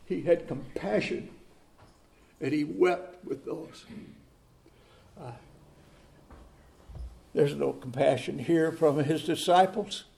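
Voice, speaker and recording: A pastor preaching a sermon, repeating phrases for emphasis and reading scripture aloud with rising force. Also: male voice, a little high, slow, vocal fry, long pauses, warm tone. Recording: roomy echo.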